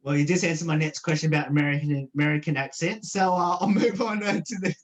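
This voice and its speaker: A woman with a low voice conducts a remote interview for radio over video call, speaking fast. She reads her questions aloud, hesitating with frequent "um" and "uh" fillers.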